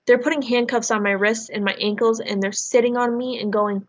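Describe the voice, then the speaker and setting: Teacher reading a novel aloud. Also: female voice, a little high, steady tone, brisk. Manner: explains words and asks the class questions between passages.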